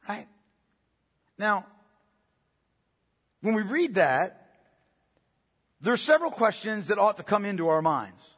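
High husky guy preaching, earnest, lots of questions, big echoey church. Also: big pitch swings, measured pace, pauses often, fairly bright tone. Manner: earnest, emphatic, asks many rhetorical questions, often adds "right?". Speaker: pastor. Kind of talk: sermon. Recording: long reverb of a large hall.

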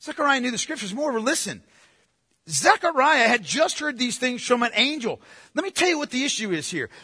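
A man's voice: very high-pitched, sing-song, a little fast, pushed and bright, breathy edge. A man preaching a sermon to a congregation, emphatic and full of rhetorical questions. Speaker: pastor. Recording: long hall reverb.

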